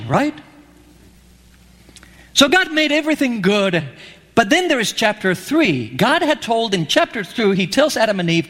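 A man's voice: sits high, pushed and bright, long reverb tail. A man preaching a sermon, telling a story with animation and acting out the lines he quotes.

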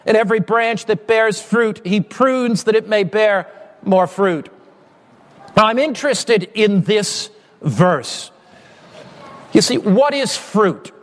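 A man preaching a sermon with impassioned appeals, often rising to shouting. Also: high voice, big-room sound.

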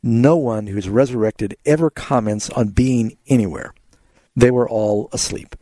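A man's voice: mid-range voice, a little slow, dark tone, no room sound. A man hosting a Bible call-in radio show, earnestly explaining scripture to callers.

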